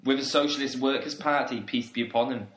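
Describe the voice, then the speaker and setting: A man plays a pompous young male revolutionary from England who preaches at everyone. His bright tone rings out in an echoey room. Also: medium pitch, fairly even intonation, fairly quick, lightly acted. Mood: smug. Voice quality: pompous, speechifying. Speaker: student activist on a volunteer trip.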